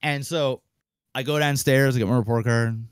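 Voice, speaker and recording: A young man on a podcast mic, telling a long story in an animated, casual way, swearing freely and acting out the people in it. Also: medium pitch, moderate pace, clear, resonant tone, no room sound. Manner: animated, acts out quoted voices, swears freely. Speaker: podcast co-host.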